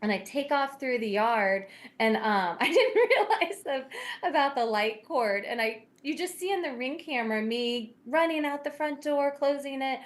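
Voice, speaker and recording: A woman guest on a podcast, telling a quick self-mocking story about herself. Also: high-pitched, animated. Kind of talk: casual storytelling chat.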